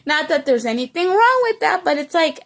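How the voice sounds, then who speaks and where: A woman telling a personal story in a casual vlog, animated and chatty, checking in with the listener and slipping into bits of Spanish. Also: high-pitched, fairly quick. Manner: animated, keeps checking in with "okay?" and "you know?". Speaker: storytelling vlogger.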